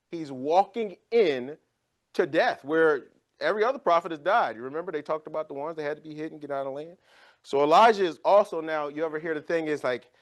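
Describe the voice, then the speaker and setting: A man teaching an informal Bible study, explaining scripture with lively storytelling and acted-out scenes. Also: fairly high pitch. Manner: animated storytelling, acts out scenes.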